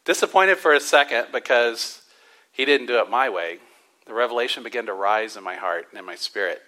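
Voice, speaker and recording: A man with a bright, ringing voice preaches in a church. He leans hard on key words, slows them down for weight, then drops almost to a murmur before building up again. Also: mid-range voice, lively intonation, poor audio. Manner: emphatic preaching with drawn-out stresses and sudden soft drops. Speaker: pastor. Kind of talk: sermon.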